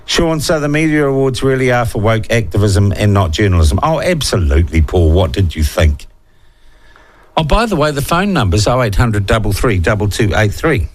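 A man's voice: on the low side, sing-song, moderate pace. A man with a New Zealand accent hosting talkback radio, bluntly chatting and reading out listener texts. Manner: blunt, irreverent, reads listener texts aloud. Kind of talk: opinionated talkback radio chat.

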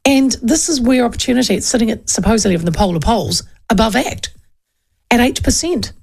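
Gravelly New Zealand woman in her fifties. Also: fairly high pitch, a little fast, a little mellow. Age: 50s. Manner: chatty and rambling, trails off into asides. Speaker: radio talk show host. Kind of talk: casual political commentary.

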